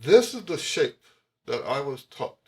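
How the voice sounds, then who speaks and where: A man's voice: medium pitch, sing-song, a little slow. A man teaching jazz trumpet to camera, emphatic, repeating his key points with frequent restarts. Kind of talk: explaining music to camera.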